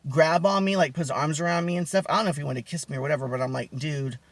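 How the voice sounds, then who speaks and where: Animated higher-voiced man telling a story. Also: very fast, no echo. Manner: animated, many fillers and restarts. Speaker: vlogger. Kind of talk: casual storytelling to camera.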